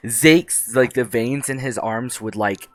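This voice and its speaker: A man playing a tabletop game, excitable and swearing, with frequent laughs. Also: medium pitch, slow pace, dry recording. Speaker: player. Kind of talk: casual tabletop play.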